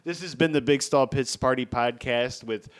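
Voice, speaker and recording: A man's voice: medium pitch, moderate pace. A man hosting a comedy podcast, telling a rambling anecdote in casual banter. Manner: loose, rambling storyteller. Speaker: podcast host.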